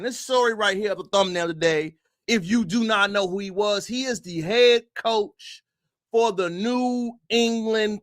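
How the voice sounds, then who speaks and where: A man hosting a commentary livestream, talking emphatically to his viewers with rhetorical questions and punchy repeated phrases, sometimes shouting. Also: high-pitched, dry recording, studio quality. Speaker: livestream host.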